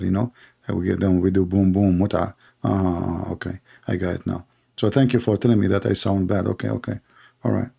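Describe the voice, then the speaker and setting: Brief: male stream host, dark gravelly voice, mocking and combative. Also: on the low side. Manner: sarcastic, taunting, breaks into parody singing. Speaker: live stream host debating Muslim callers. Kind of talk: casual mocking debate talk.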